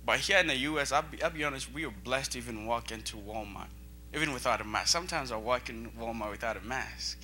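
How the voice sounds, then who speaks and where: Bright-voiced man. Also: medium pitch, quick pace, a little hiss or hum. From Botswana. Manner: earnest, emotional, preacherly. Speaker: guest missionary speaker. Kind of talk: church testimony.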